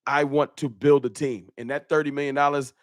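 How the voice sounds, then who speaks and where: A man hosting a casual live-stream fan talk show, animated and slangy, often repeating his words. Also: medium pitch, brisk, no room sound, clean studio sound.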